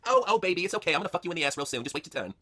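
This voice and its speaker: A man's voice: a little high, huge pitch swings, rapid-fire, bright, forceful tone, heavily acted. A man voicing a cruel, scheming rich wife who taunts in a sultry, mocking way. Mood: taunting. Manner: taunting, mocking purrs and shrieks.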